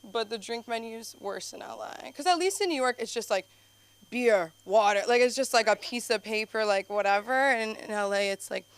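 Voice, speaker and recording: A young adult woman doing an open-mic stand-up set on a comedy club stage. She tells stories in a rambling, animated way, full of "like", and jumps her voice up for punchlines. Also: fairly high pitch, normal speed, smooth, no room sound. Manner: rambling, filler-heavy storytelling with frequent "like".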